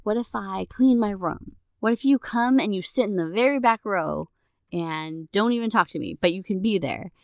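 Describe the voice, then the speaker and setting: A woman's voice: mid-range voice, expressive, moderate pace, vocal fry, a little mellow, dry recording, studio quality. A woman voicing a teenager who pleads and bargains with their mom in a whiny tone. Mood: bargaining.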